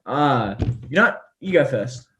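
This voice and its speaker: A man's voice: mid-range voice, very animated, a little slow, fairly bright tone, slight background noise. A young man co-hosting a casual sports podcast, giggly and playful as he quizzes his friend. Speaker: podcast co-host.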